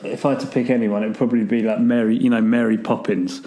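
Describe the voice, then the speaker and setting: A man's voice: medium pitch, little pitch movement, fast, mellow. Blunt, jokey British man. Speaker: podcast co-host. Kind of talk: casual podcast banter.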